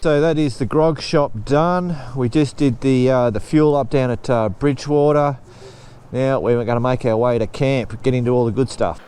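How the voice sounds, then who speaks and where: A middle-aged Australian man talks straight to camera in a relaxed, laddish vlog style. His voice sits in an ordinary middle register. He swears freely and fills his pauses with ums and uhs. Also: medium pitch, clear, resonant tone. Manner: blokey and animated, swears a lot, lots of ums and uhs. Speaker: motorcycle vlog host. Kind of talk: casual vlog chat.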